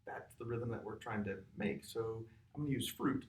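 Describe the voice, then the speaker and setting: In an echoey classroom or studio with a board, a man leads a music lesson, counting beats and chanting words aloud as he patiently explains rhythm. He speaks fairly quickly in a steady, fairly low voice.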